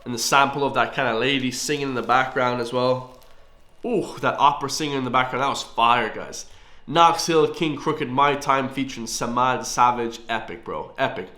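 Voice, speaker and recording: An Irish man hosts a casual music reaction, keen and chatty, forever turning to the viewers. His voice sits at an ordinary pitch. The room around him is echoey. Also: moderate pace. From Ireland. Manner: excitable, keeps addressing viewers as guys. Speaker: music reaction video host.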